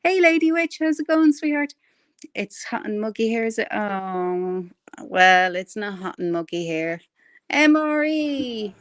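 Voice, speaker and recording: A woman's voice: fairly high pitch, animated, unhurried, smooth, no echo. Irish woman, live-stream host, rambling friendly chat, dry close sound. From Ireland. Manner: chatty, rambling, greets viewers by name with endearments. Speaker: livestream host. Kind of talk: casual live-stream chat greeting viewers.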